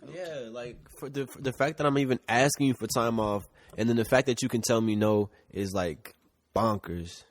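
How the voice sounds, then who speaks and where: A man's voice: medium pitch, steady tone, brisk, hardly any pauses, dry recording. A man co-hosting a podcast in loose casual chat, rambling with lots of "like" and the odd swear word. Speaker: podcast co-host. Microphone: shared mic.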